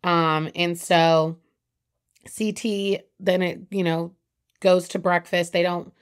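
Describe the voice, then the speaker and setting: Young woman on a podcast, chatty recap, voice jumps way up when she's excited. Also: slow, clean tone. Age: young adult. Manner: animated storytelling with big pitch jumps when excited. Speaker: podcast co-host. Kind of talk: casual chat recapping a reality show.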